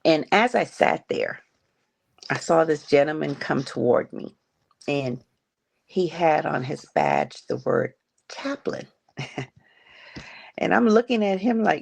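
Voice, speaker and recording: A middle-aged woman, a podcast guest, slowly telling the story of losing her son, halting and heavy with grief. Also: deep voice, animated, gravelly, darkish tone, breathy edge. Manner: slow, halting, grief-stricken account. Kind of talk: personal storytelling in an interview.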